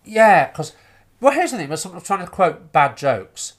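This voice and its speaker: Animated comedian with lively pitch. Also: normal speed. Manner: animated storyteller, acts out quoted voices, frequent restarts. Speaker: stand-up comedian. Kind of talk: casual chat between comedians.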